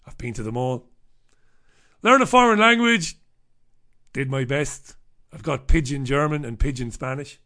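A man's voice: a little high, pushed and bright. A middle-aged man hosting a radio show, rambling through a checklist with irreverent, profane humor. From Ireland. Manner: rambling, irreverent, swears freely. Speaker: radio host. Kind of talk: casual comic monologue.

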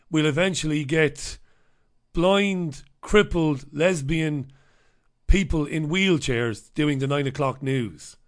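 A man's voice: fairly high pitch, a bit bright. Rambling, jokey male host. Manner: irreverent, rambling, jokey banter. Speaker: radio show host. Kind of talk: casual live show chat, reading out listener messages.

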